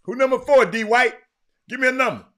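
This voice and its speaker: A man hosting a casual livestream, bantering with his chat in a teasing, animated way, often repeating and restarting his words. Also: very high-pitched, brisk. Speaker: livestream host. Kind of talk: casual livestream chat reading viewer comments.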